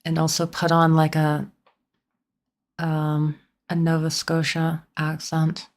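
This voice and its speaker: A woman's voice: low-pitched, completely flat delivery, slow pace, pauses often. A young woman from Canada streaming a game, chatting casually with viewers in a rambling way full of "like" and restarts.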